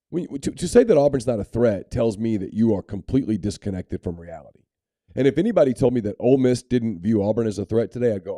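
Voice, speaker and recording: A man's voice: mid-range voice, lively intonation, fairly quick, dark tone, no room sound, clean studio sound. A man co-hosting a sports podcast, talking candidly and opinionatedly in casual chat, with frequent restarts. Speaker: podcast co-host.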